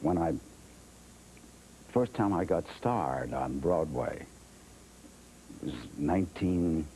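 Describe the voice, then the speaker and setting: An older man sits as a guest in a television interview and tells a story against himself, dry and wry. His voice is low and deep with a dark, mellow tone. He acts out the other people in his stories as he goes. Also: expressive, takes it slowly, a little hiss or hum, poor audio.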